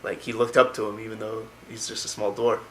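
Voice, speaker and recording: A man's voice: on the low side, level tone, a little fast, a bit bright, a little hiss or hum, low-quality recording. A man casually retelling a fantasy story, rambling with many fillers and restarts. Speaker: lore video narrator.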